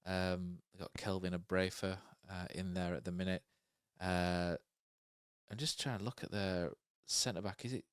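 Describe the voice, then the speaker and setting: A man with a lowish, smooth voice talks football in a loose, rambling way, leaning on fillers and tag questions as he thinks aloud. The sound is dry and close. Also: steady tone, unhurried, no room sound. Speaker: podcast co-host. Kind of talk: casual football chat.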